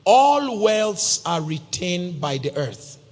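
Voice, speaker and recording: Nigerian pastor preaching in a big hall. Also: male voice, high-pitched, big pitch swings, slow. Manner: storytelling, humorous, addresses listeners as sir. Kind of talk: sermon. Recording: long hall reverb.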